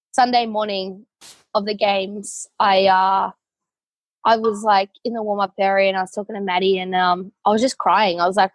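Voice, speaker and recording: Her mid-range voice comes through a dry recording. She's a young adult Australian woman guesting on a podcast in a casual interview, sharing her story heartfelt and rambling, full of fillers.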